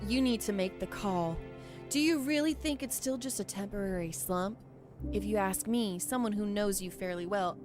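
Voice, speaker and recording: An actress as a frank, fond letter-writer. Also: female voice, medium pitch, close to an everyday voice. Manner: affectionate, frank, persuasive. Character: adult woman writing a fond letter. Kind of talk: letter read aloud. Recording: music behind.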